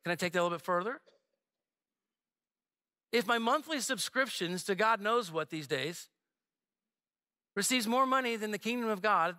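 Bright high-voiced male pastor. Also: animated, normal speed, long pauses. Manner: conversational and joking, with frequent asides. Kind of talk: sermon. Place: church sanctuary.

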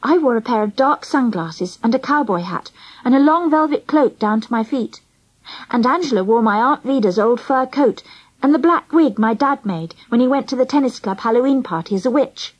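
A woman reads a children's story aloud in the first person, her high voice rising and falling with lively expression. Her tone is soft and breathy. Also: normal speed, lo-fi sound. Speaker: audiobook narrator.

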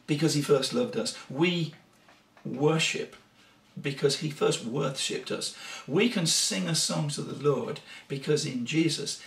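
A man's voice: on the high side, creaky. A man giving an earnest, explanatory teaching talk on worship music. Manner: earnest, explanatory, breaks into sung examples. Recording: echoey room from a distant mic, faint guitar.

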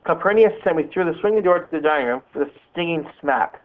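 A man teacher reading a novel aloud to a class in a steady, plain voice, with a tinny phone-like sound. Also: on the high side, fast, few pauses.

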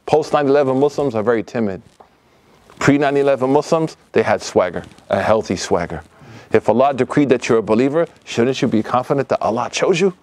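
A middle-aged man speaks to a room of young people in a mosque hall. His pitch is an ordinary middle level for a man, and he talks in relaxed, slangy street language. His delivery stays lively as he acts out the people in his stories. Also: brisk. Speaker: lecturer at a youth study circle. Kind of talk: informal religious lecture to youth. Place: mosque hall, live audience.

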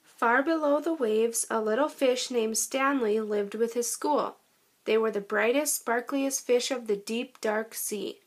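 A woman reading a children's storybook aloud in a gentle, expressive way. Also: fairly high pitch, measured pace. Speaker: storybook narrator.

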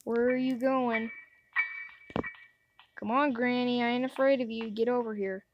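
Jumpy gamer woman, slow and noisy. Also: on the high side, fairly even intonation, highs cut off. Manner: jumpy, gasping and talking back to the game. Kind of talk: let's play commentary.

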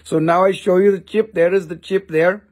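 A man's voice: high-pitched, steady tone, normal speed, darkish tone. A man hosting a casual live-stream sale of rocks and minerals, chatty and jokey, with offhand swearing.

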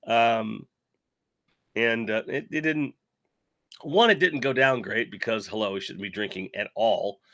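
A middle-aged toy channel host, still sick after covid, chats loosely on a toy live stream, rambling, poking fun at himself and reading chat aloud as he answers it. His lowish voice is gravelly and bright-edged, with a measured pace and frequent pauses. The sound is close and dry on the mic with no room sound.

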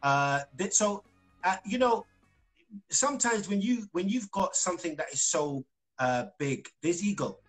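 A man's voice: high voice, lively intonation, a little slow, soft background music, low-quality recording. A man, a singer, chatting as a guest in a live-streamed interview, telling stories with laughter and repeated phrases. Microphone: video call.

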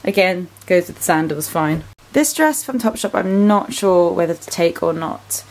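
A woman's voice: lowish voice, normal speed, low-quality recording. Chatty English woman in her twenties. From England. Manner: chatty, rambling, lots of ums and likes. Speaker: vlogger. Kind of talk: casual vlog chat. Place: bedroom at home.

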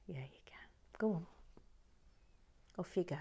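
A woman hosting a relaxed building video, talking softly and often dropping to a whisper. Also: on the low side, unhurried, husky. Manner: soft-spoken, often dropping to a whisper, chatty. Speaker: host of a toy building channel.

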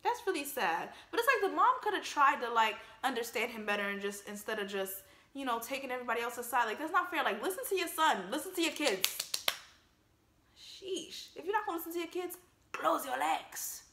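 A young woman giving casual, joking movie commentary in an emphatic, animated way. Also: high voice, brisk, reverberant. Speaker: vlogger reacting to a film.

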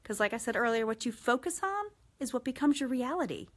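Woman host, 40s, slightly high voice, candid and profane casual chat. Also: fairly quick, few pauses. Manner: frank and profane, animated. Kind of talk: casual live-stream chat.

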